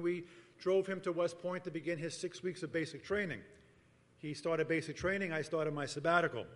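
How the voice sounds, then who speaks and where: A middle-aged man preaching a sermon as pastor, telling a personal story in an earnest, measured way and often repeating phrases. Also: a little high. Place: church sanctuary. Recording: long reverb of a large hall.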